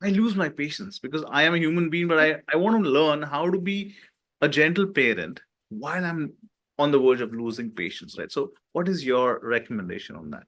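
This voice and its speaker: Guy hosting a podcast, kinda high lively voice, keeps saying "right?". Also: fairly quick. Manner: asks questions, adds frequent "right?". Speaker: podcast host. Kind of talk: podcast interview.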